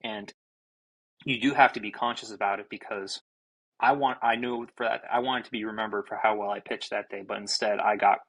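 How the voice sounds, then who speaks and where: A young man, a baseball pitcher and podcast guest, telling a story in an animated, casual way, swearing freely and restarting his sentences. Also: a little fast, rough recording. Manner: animated, self-described fiery, swears freely, many restarts.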